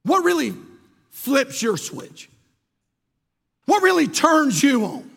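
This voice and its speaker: A man preaching a sermon with fervent energy, his voice sitting strikingly high for a man. He rattles off scripture and throws rhetorical questions at the congregation. The sound carries a long reverb from a large church sanctuary. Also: sing-song, takes it slowly, gravelly, a bit bright. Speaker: pastor.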